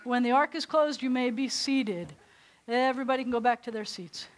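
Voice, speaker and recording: Woman, high voice, Southern American accent, leading a synagogue service, instructive. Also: normal speed. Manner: warm instructive directions to a congregation. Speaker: service leader.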